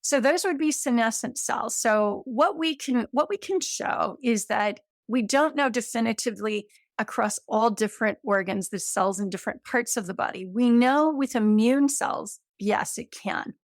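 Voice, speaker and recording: A woman in her late fifties with a fairly high voice, talking as an interview guest. She explains the science with enthusiasm and everyday comparisons. The sound is dry and close, with no room echo. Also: normal speed, few pauses. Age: 50s.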